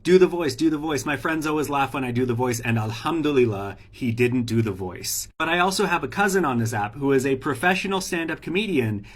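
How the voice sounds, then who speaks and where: A man giving sardonic, measured commentary. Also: medium pitch, slightly rough. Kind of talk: opinion commentary.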